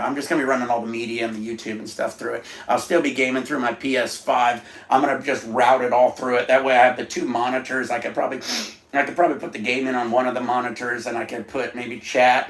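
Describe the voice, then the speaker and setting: A man's voice: medium pitch, fairly bright tone. A man hosting a casual home livestream, rambling in a laid-back way and swearing now and then. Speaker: livestream host. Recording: echoey room, faint background noise.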